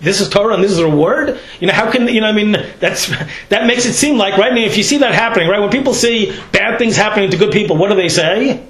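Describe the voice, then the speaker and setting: A man with a high voice teaches a Torah class in an informal, chatty way. He keeps tossing in "right?" and "you know" as he works through his points. The room gives his voice a roomy echo. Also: fast, a bit bright. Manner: conversational, peppers speech with "right?" and "you know". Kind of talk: Torah lecture.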